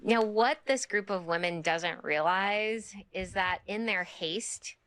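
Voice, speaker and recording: A woman's voice: medium pitch, slow, fairly bright tone, smooth. A woman being interviewed who speaks in an earnest, reflective way. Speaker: interview guest.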